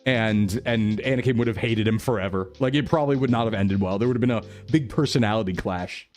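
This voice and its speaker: A man's voice: on the low side, fast talker, a little mellow, soft background music. A man live-streaming in casual chat, answering his chat as he rambles enthusiastically, full of fillers and laughs. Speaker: VTuber streamer.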